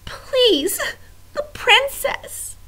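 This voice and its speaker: A woman voicing a small, frightened male mouse who pleads in high cries. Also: very animated, a little slow, a bit bright, full character voice. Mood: pleading.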